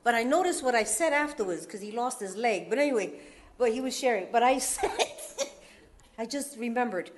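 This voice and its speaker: A woman from California, her voice high and intonation lively, tells her recovery story to a meeting crowd a little fast and in loose street slang. She jokes through the hard moments and laughs frequently, with a little hiss or hum in the recording.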